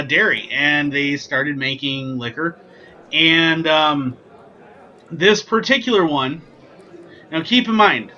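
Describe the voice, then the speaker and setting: A man's voice: a little high, sharp tone, highs cut off. A man hosting a casual whiskey tasting vlog, chatty and joking with lots of ums and asides. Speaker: whiskey reviewer, channel host.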